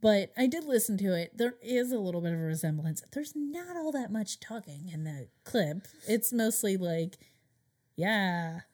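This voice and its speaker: A woman's voice: medium pitch, very animated, moderate pace, few pauses, warm tone. Chatty woman telling a story. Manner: chatty storyteller, many fillers. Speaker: podcast co-host. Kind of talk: casual chat.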